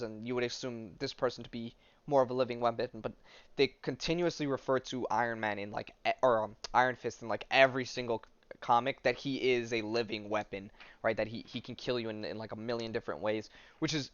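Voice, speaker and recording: A man hosts a podcast, walking through a comic story in a loose, meandering way, stopping often on "um" and "like." His voice is smooth and sits at a middling pitch. The sound is dry and slightly dull and lo-fi. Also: no echo. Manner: hesitant, full of ums and likes. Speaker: podcast host. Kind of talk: casual comic book recap, reading passages aloud. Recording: dull lo-fi audio.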